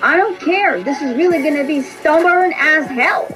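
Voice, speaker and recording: A woman's voice: high voice, normal speed, a bit bright, soft background music, poor audio. A woman reader and podcast host speaking in a blunt, repetitive, profane monologue. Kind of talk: casual spoken monologue.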